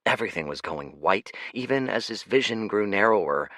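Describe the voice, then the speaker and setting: A man narrating an audiobook in a dramatic, expressive storytelling manner. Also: fairly low pitch, moderate pace, hardly any pauses, dry recording. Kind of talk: scripted narration.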